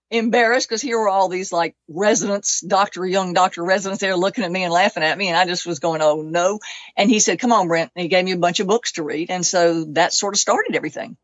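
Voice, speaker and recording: A woman guest tells her own story in an animated way, putting on the voices of the people in it and sometimes coming close to tears. The sound is dull and lo-fi, with a dry, close feel. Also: on the low side, fast talker, hardly any pauses, no echo. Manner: animated, acts out other people's lines; emotional, close to tears at times. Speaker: interview guest. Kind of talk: personal storytelling in conversation.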